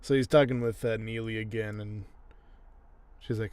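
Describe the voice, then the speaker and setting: A man's voice: on the low side, steady tone, moderate pace, a little mellow, dry recording. A man hosting a casual video, joking and commenting on a story in crude, laughing terms. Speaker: host.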